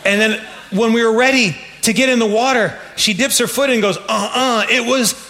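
A man preaching a sermon, telling stories in an animated way with laughs and shouts. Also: very high voice, brisk. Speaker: pastor.

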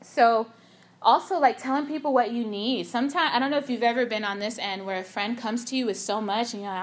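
A young adult woman giving a casual sermon, telling a personal story in an animated way with lots of filler words and acted-out quotes. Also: fairly high pitch, brisk. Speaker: youth speaker.

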